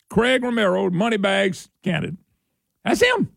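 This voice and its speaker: A man hosting an opinionated political talk show, sarcastic and quick to laugh. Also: animated, creaky, no echo, studio quality. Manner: sarcastic, laughs often, voice jumps high when mocking. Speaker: radio talk show host.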